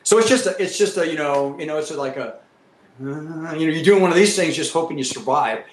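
A man telling profane, animated war stories as a former military pilot, acting out what people said. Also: on the high side, brisk. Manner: profane, animated, acts out quotes. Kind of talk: casual storytelling chat. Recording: echoey room with faint noise.

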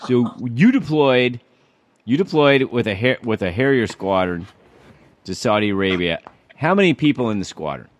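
A man hosting a casual interview, asking questions in a lively, affirming way. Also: medium pitch, normal speed, a little hiss or hum. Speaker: podcast host.

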